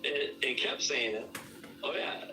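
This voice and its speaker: A man's voice: medium pitch, a little slow, music in the background. A man chatting casually on a podcast, telling long rambling stories and repeating "I kid you not", recorded from a distant mic. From Southern California. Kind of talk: casual chat.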